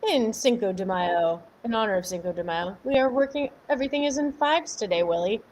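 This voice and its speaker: A young woman fitness coach live streams from home, explaining a workout in an upbeat, chatty way, answering viewers by name and laughing often. Her medium-pitched voice is a little mellow and a little fast, picked up by a home camera mic.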